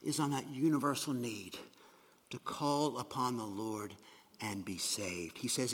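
A man's voice: medium pitch, lively intonation, normal speed, husky, big-room sound. A man preaching a sermon as pastor, earnest, repeating words as he builds a point and dropping to near whispers. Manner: earnest, repeats words, swings from loud emphasis to quiet drops.

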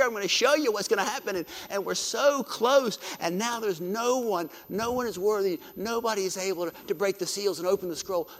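A man preaching a sermon with a slightly raised voice. He swings from ringing emphasis to hushed, drawn-out phrases, and his words trail off in the long reverb of a large hall. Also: high voice. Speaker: pastor.

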